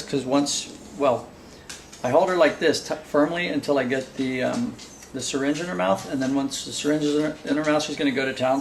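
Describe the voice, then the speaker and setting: Gravelly man explaining casually, echoey room. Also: mid-range voice, slight background noise. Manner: rambling with many fillers and restarts. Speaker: pet squirrel caretaker. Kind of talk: casual how-to demonstration.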